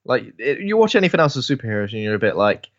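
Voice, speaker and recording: A man co-hosting a podcast, chatting casually about shows and films, quick and full of restarts. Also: mid-range voice, big pitch swings, fairly bright tone, muffled recording. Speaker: podcast co-host.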